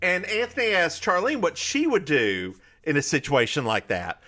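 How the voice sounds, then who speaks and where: A man co-hosting a podcast, chatting casually and laughing as he recaps a TV episode. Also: a little high. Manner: animated, laughing, quick asides. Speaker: podcast co-host.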